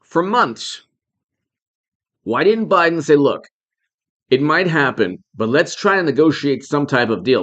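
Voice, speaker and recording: A man's voice: a little high, sing-song, a little slow, pauses often, a bit bright, muffled recording. A man hosting a live political commentary stream. He talks in an indignant, repetitive way, piling up rhetorical questions and stopping to thank viewers by name.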